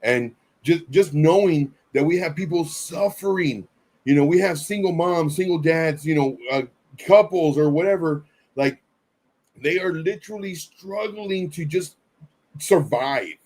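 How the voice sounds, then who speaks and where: A man's voice: on the high side, a little slow, darkish tone. A man co-hosting a casual live stream, telling stories earnestly with many fillers and restarts. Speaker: co-host.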